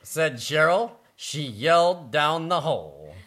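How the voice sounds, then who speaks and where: A man's voice: a little high, slow. A man reading a picture book aloud on a podcast, playful and joking. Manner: playful, joking, lively storyteller. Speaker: podcast co-host reading the story.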